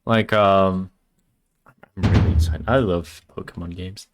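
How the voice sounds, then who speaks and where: A man's voice: low-pitched, steady tone, a little slow, background noise. A man giving casual let's-play commentary, full of profane, joking, playful asides. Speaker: gaming streamer.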